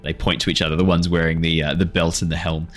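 A man narrating as game master, animated and laughing as he voices figures. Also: sits low, fast talker, soft background music.

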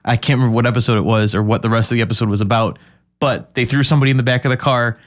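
A man co-hosting a casual podcast, easygoing and quick to agree. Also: mid-range voice, steady tone. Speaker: podcast co-host. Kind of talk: casual chat.

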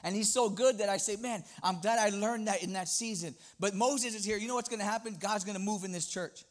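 Higher-voiced man preaching with fervor. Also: fairly quick. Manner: impassioned preaching that swings between loud and quiet. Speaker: guest preacher. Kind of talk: sermon. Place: church.

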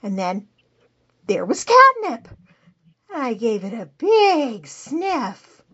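A woman's voice: on the high side, sing-song, slow pace, bright, forceful tone, husky, exaggerated voice. A woman voicing a fretful black house cat who calls in with a worry, rambling and drifting off topic on a muffled recording. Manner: rambling, worried, wanders off topic. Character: fretful black house cat caller, dramatic, easily distracted. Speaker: caller. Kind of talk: comedic call-in monologue.

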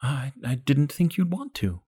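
A man voicing a gentle young woman with a soft, melodic manner. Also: sing-song, unhurried, slightly rough, no room sound, clean studio sound. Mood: gentle, curious. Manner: soft, melodic, raised pitch.

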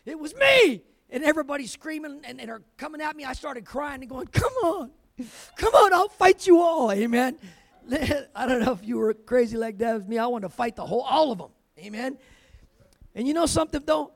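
A man's voice: very high voice, vocal fry, darkish tone, no echo. A man preaching a sermon, telling his own story with emphasis and dropping in "amen" and "man" as he goes. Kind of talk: sermon with personal testimony.

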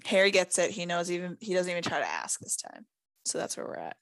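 Low-voiced woman on a book podcast, laughs a lot, dry close sound. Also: sing-song, fast, vocal fry, no echo. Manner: laughs often, quotes characters in playful voices. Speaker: podcast co-host. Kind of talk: casual book-discussion chat.

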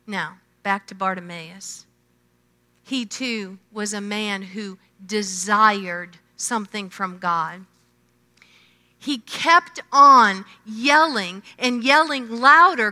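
A woman preaching a sermon, emphatic, swelling loud and then dropping to a hush. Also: fairly high pitch. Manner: emphatic, slow, with swelling and hushed phrases. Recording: long hall reverb.

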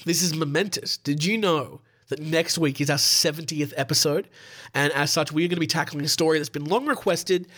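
Aussie guy podcasting, kinda high voice, swears a lot and cracks himself up, tired. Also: a little fast, a bit bright. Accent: Australian. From Australia. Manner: sweary, laughing asides, self-interrupting. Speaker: podcast host. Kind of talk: casual podcast reading of news stories.

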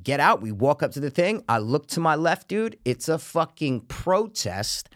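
Animated, profane man telling a story. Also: a little high, moderate pace, no echo, clean studio sound. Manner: profane, animated, acts out quotes loudly. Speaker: podcast co-host telling a story. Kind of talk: casual storytelling chat.

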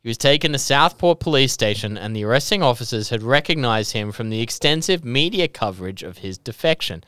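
A man's voice: mid-range voice, animated, brisk, bright, forceful tone, clear, resonant tone, no room sound, studio quality. A man with an Australian accent, a podcast co-host reading out a true-crime story and laughing and joking between lines.

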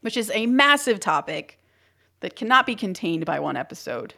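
A young woman co-hosting a podcast, chatting casually about writing, with quick bursts of speech and frequent laughter. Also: medium pitch, sing-song, gravelly, sharp tone. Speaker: podcast co-host.

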